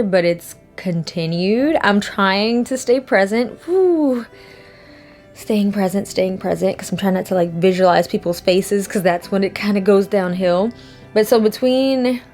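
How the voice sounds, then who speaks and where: A young woman vlogging to camera, speaking candidly and rambling, fighting back tears at times, acting out quotes in animated voices. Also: mid-range voice. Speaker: YouTuber. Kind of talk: casual vlog talk to camera.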